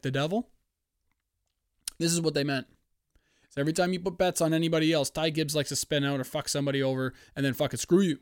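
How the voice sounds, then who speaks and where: A man hosting a podcast, giving a casual, profane, excitable race recap with sudden loud outbursts. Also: medium pitch, clean tone, no echo, clean studio sound. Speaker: podcast host.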